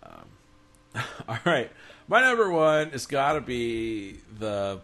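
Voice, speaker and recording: A man co-hosting a casual podcast chat, animated and profane, laughing often. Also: medium pitch, slow pace. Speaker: podcast co-host.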